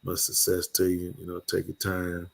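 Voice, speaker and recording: A man hosting a call-in show, giving relationship advice and telling animated stories in casual chat. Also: normal speed, creaky. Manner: animated storyteller, jumps high when telling stories. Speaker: podcast host.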